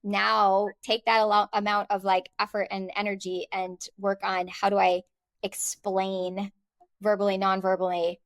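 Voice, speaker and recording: A woman's voice: medium pitch, little pitch movement, measured pace, no room sound. A woman co-hosting a podcast, speaking in an earnest, encouraging way. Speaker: podcast co-host. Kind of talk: conversational podcast talk.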